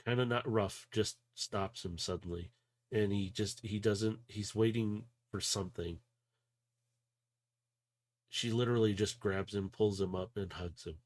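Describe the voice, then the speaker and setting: A man narrating as game master in a relaxed, rambling, hesitant way. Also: fairly low pitch, unhurried. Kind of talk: narrating a tabletop role-play.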